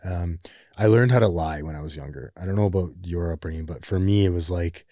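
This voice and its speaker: A man telling his story in a reflective, measured way in a casual podcast conversation. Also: deep voice, dark tone, dry recording, studio quality.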